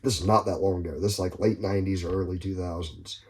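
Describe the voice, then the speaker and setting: A man co-hosting a casual podcast, telling stories loosely with profane asides and loud bursts when he gets going. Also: low voice, steady tone, quick pace, slight background noise. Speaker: podcast co-host.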